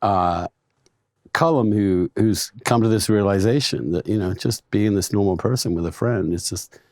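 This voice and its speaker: A middle-aged man from England, a podcast guest, chatting earnestly in a halting way with many restarts. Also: lowish voice, darkish tone, no echo, clean studio sound. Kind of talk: casual chat.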